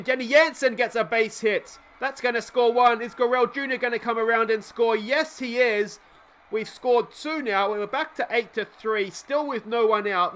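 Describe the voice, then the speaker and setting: A man commentating his own baseball video game as a let's play host, cheering his players on and swinging between gloom and excited shouting. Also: high-pitched. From Australia.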